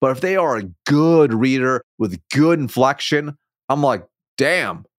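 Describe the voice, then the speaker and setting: A man being interviewed as a sales coach, a self-described fast talker who stumbles and restarts his words, speaking over a video call. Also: mid-range voice, no room sound, clean studio sound. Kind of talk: conversational interview.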